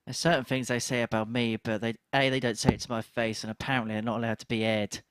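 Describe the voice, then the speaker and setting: A man's voice: mid-range voice, flat delivery, quick pace, clear, resonant tone. Wry male darts co-commentator. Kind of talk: live sports commentary with banter.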